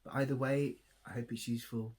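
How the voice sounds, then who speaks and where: A man talking to camera in a casual vlog, quiet and measured. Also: medium pitch, a little hiss or hum. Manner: baby talk to his dog, excited and loud. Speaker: vlogger.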